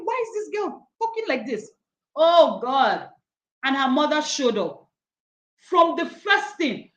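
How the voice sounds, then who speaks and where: Animated woman teaching, echoey room. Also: high voice. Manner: animated, acts out quoted voices, laughs often. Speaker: coach leading a daily wisdom study. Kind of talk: teaching talk on Proverbs.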